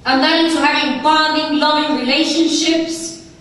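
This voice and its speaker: A woman's voice: very high voice, lively intonation, normal speed, a bit bright. A woman giving an emphatic personal testimony at a recovery meeting, with rhythmic repeated lists. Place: large conference hall. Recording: very echoey hall, voice from far off.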